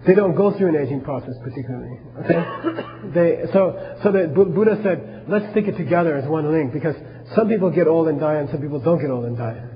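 A man's voice: a little high, expressive, brisk, highs cut off. Man, Buddhist teacher, chatty classroom lecture, checks in with listeners, long hall reverb. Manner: keeps checking in with listeners, asking questions.

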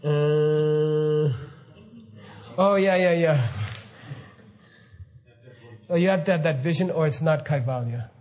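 Male spiritual teacher, slightly high voice, lively informal lecture, laughs through his points. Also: slow, pauses often. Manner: animated, laughing, mock-incredulous asides.

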